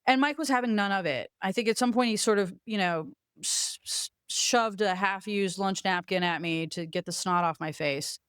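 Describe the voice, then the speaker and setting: A woman's voice: medium pitch, normal speed, few pauses, clear, resonant tone, dry recording, clean studio sound. A middle-aged woman hosting a podcast, telling a personal story in a blunt, profane, self-mocking way. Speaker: podcast host.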